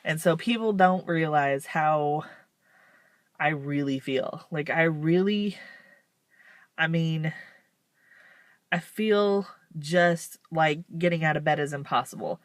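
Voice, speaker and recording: A woman's voice: deep voice, slow pace, pauses often, dry recording. A woman talking casually to camera in a rambling, frank way, with weary self-deprecating laughs. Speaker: vlogger. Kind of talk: casual confessional vlog.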